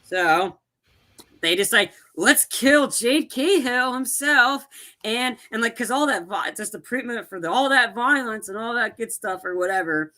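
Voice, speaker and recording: A man's voice: high voice, normal speed, pushed and bright. A man co-hosting a podcast, casually recapping a movie plot in a rambling way, full of restarts and acted-out quotes. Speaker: podcast co-host.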